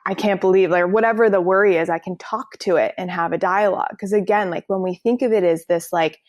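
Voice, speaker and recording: A woman in her thirties speaks as a podcast guest in an easy, conversational way. Her voice sits a little low. She slips into playful quoted voices for her inner thoughts, recorded dry and close. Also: a little fast, dry recording. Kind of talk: casual interview conversation.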